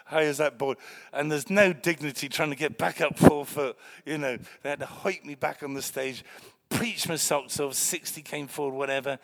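A middle-aged man from Wales, a pastor preaching a sermon and telling stories with loud acted outbursts. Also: a little high. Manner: animated storytelling, bursts of loud acted voices.

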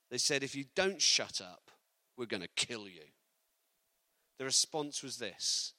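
Lively, bright-voiced preacher. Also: male voice, medium pitch, normal speed, dry recording. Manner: lively, building to loud emphatic preaching. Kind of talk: sermon.

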